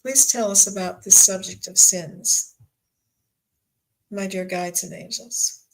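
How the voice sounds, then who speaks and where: Soft-spoken woman hosting a channelling stream. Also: medium pitch, steady tone, takes it slowly, creaky, low-quality recording. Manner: soft, emotional, openly still learning. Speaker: spiritual medium and stream host. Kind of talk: live-stream spiritual channelling.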